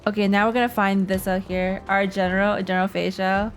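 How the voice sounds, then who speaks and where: A woman's voice: mid-range voice, little pitch movement, a little fast, slight background noise. A tired young woman streaming, giving chatty, rambling reaction commentary on a game. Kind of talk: casual gaming reaction commentary.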